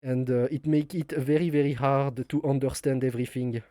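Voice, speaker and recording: The recording is dry, and the speaker's medium-pitched voice is dark in tone, with fairly even intonation and a moderate pace. He is a Frenchman with a nasal voice and French accent, chatting casually in non-native English on a cooking live stream from his home kitchen, rambling, poking fun at himself and often chuckling.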